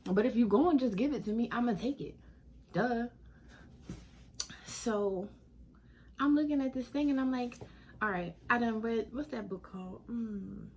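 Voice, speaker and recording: A woman telling a casual storytime vlog, animated and sassy, laughing often. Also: on the high side, moderate pace, long pauses, slight background noise. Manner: animated, sassy, laughing often, African American Vernacular English slang.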